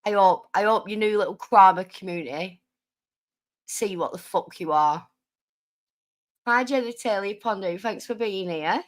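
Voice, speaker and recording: A woman's voice: medium pitch, a little slow, pauses often. A woman hosting a livestream, combative and sarcastic, calling out critics and thanking viewers for chats. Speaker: livestream host. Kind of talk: livestream commentary.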